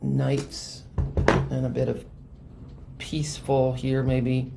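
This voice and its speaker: Over loud background music, a woman demonstrates card stamping live, chatting away, greeting commenters, and poking fun at her own slip-ups. She speaks slowly in an extremely low, fairly flat voice with vocal fry.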